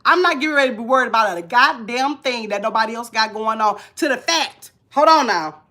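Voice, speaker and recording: Nasal, bright-voiced woman in her fifties. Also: a little high, a little fast. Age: 50s. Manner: blunt, preachy, reads comments aloud. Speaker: vlogger. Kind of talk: casual live-stream talk.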